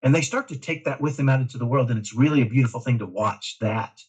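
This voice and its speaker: A middle-aged man from Dallas, a parent guest talking in an emphatic, energetic way in a casual interview. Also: mid-range voice, fast talker, slightly rough, low-quality recording. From Dallas, Texas. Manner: energetic, emphatic, self-described type A.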